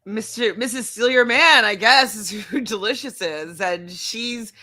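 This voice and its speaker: A woman with a bright, clear voice, chatting as a guest on a recap show. Her pitch sits a little high, and her talk is loose and chatty, with frequent laughter. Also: measured pace. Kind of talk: casual recap chat.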